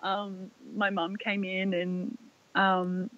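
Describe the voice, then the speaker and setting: Young aussie woman chatting about her story, soft and rambly with loads of "like", flat dry slightly muffled audio. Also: mid-range voice, extremely slow, dry recording. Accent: Australian. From Australia. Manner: soft, rambling, many "like" fillers. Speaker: guest. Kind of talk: personal storytelling interview.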